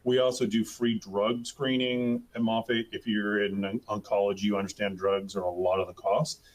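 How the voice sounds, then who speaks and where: Brief: male panelist with a lowish voice, casual and loose, says "um" and "like" a lot. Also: flat delivery, moderate pace. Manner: informal, many fillers. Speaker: healthcare revenue leader, panelist. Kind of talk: panel discussion.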